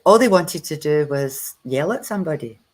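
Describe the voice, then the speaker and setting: Woman telling lively stories. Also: deep voice, moderate pace, poor audio. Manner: animated storyteller who acts out quoted dialogue. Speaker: co-host of a spiritual chat. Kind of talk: casual chat.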